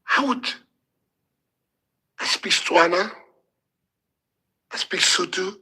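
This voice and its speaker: Husky, emotional man. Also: sits high, pushed and bright, low-quality recording. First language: Afrikaans. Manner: emotional, halting, repeats words. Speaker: politician. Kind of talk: impassioned public address.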